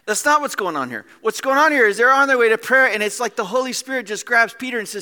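A man preaching a sermon as pastor, animated and acting out scenes in different voices, in a church hall. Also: very high voice, fast talker, hardly any pauses.

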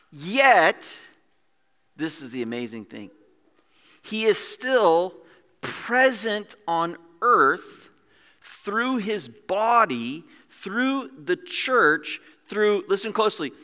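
A man preaching a sermon as pastor, animated and acting out scenes in different voices, in a church hall. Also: high-pitched, smooth.

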